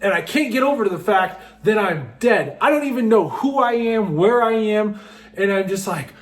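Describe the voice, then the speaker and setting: A young man telling a wild personal story in a casual, excitable way, with lots of "like" and "just". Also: high-pitched, moderate pace.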